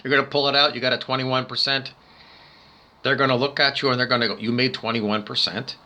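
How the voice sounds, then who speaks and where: Bright-voiced man in a rambling rant. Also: medium pitch, level tone, quick pace. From Canada. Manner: insulting, repeats "I don't know" often. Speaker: spiritual vlogger. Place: indoors by a window.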